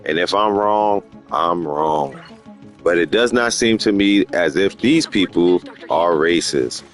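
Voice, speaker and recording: A middle-aged man hosting a gaming livestream in casual street slang. He rambles and repeats himself for emphasis, jumping into high-pitched voices when he quotes people. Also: slow, soft background music. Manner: rambling and opinionated, slips into animated high-pitched quoting of others.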